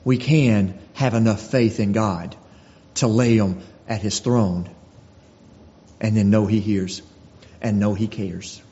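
A man preaching a sermon in an earnest way, circling back over his words and restarting sentences. His voice is dark and mellow. The recording is dull and lo-fi, with a long reverb from a church hall. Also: lowish voice, fairly even intonation, takes it slowly, long pauses. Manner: earnest, repeats phrases, stumbles and restarts.

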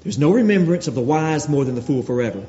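A man preaching a sermon, earnest and full of rhetorical questions, dropping to quiet, slow lines for emphasis. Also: fairly high pitch, animated, soft background music. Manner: earnest, rhetorical questions, slows and drops to near-whisper for emphasis. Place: church sanctuary. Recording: dull recording with long hall reverb and faint noise.

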